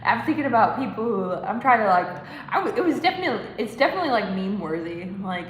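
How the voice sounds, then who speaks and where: A woman's voice: medium pitch, very animated, quick pace, slight background noise. Giggly woman in an echoey room. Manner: giggly, rambling, reads chat comments aloud. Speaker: live stream host reading chat. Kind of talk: casual watch-along chat.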